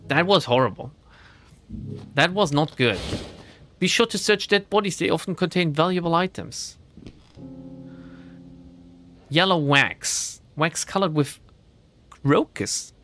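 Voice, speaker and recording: A man's voice: on the high side, unhurried, pushed and bright, faint music behind. A man commentating his own horror game playthrough, chatting and reading item text aloud. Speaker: gaming streamer. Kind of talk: let's play commentary.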